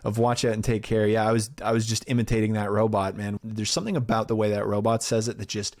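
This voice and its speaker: A man's voice: fairly low pitch, flat delivery, quick pace, darkish tone. A man, a video narrator, answering viewer questions in casual, candid chat, laughing easily and swearing now and then, on a home studio mic. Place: sound-treated home room.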